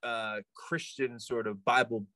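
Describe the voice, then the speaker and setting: A man, a podcast guest, telling a story casually in an animated, loose way full of asides. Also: mid-range voice, a little slow, no room sound.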